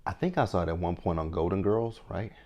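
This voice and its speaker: Man, thirties, very low voice, chatty, frank, casual recap talk. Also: fast, warm tone. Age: 30s. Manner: chatty, frank, keeps asking "right?". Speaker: TV show reviewer.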